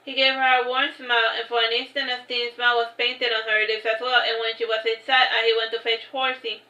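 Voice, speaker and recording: A woman's voice: a little high, flat delivery, a little fast, sharp tone. A woman reading her own novel aloud on a livestream, adding casual asides between passages. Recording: roomy, dull lo-fi stream audio.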